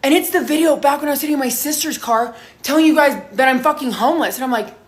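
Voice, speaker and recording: A woman's voice: high voice, quick pace. A hungover young woman telling a story in a casual vlog, swearing heavily and animatedly.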